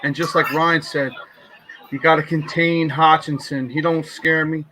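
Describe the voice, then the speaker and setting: A man's voice: fairly high pitch, level tone, unhurried, pushed and bright, slight background noise, rough recording. A man on a sports panel, blunt and confident, brushing off the opposing players. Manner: blunt, confident, trash-talking. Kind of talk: casual sports talk.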